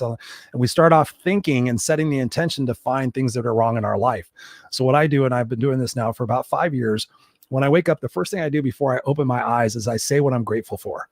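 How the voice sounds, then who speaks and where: A man's voice: medium pitch, fast talker, gravelly, no echo, studio quality. A man who works as a life coach, guest in an interview, telling his story bluntly and candidly, with some swearing.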